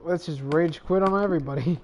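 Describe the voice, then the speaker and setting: A man's voice: a little high, a little fast, slight background noise. A man hosting a casual gaming chat, rambling and sliding into Spanish and Portuguese phrases. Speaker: channel host.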